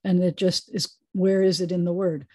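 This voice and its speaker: A woman rabbi teaching a Hebrew reading lesson over a video call, patient and chatty with playful asides, sounding out letters slowly. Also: fairly low pitch, fairly even intonation, mellow, husky, dry recording.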